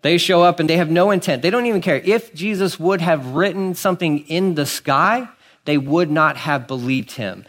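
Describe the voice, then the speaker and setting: Animated male preacher, conversational. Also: a little high, brisk. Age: adult, married. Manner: animated, swings from hushed asides to emphatic exclamations. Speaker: pastor. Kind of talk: sermon.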